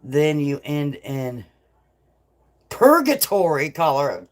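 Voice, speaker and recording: Slow, laughing, cussing woman on a livestream. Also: sits low, sing-song. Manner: laughs often, swears freely, slow drawl. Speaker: livestream host. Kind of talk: casual live chat reading comments.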